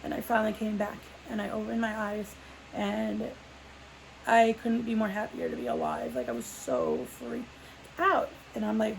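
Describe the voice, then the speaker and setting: Gravelly-voiced woman rambling through a story. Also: on the high side, lively intonation, normal speed, slight background noise, poor audio. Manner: rambling, full of "like" fillers and restarts. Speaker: vlogger. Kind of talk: casual sit-down storytelling.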